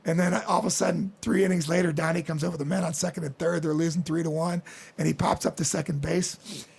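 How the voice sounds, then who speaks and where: A middle-aged man from the Midwest, a podcast guest telling stories in an animated way. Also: a little high, quick pace, gravelly, slightly rough. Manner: animated storyteller acting out crowd voices. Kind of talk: storytelling interview.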